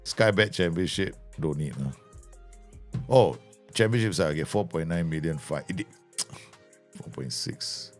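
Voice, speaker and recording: A man's voice: sits low, normal speed, faint music behind. A man giving chatty, jokey live commentary as he streams a game.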